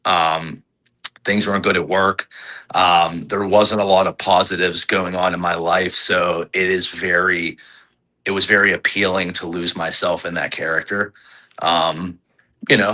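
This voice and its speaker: A man's voice: low voice, poor audio. A man in his forties, a pro wrestler, talking candidly in a podcast interview, rambling with lots of fillers and restarts. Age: 40s. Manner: animated when quoting fans.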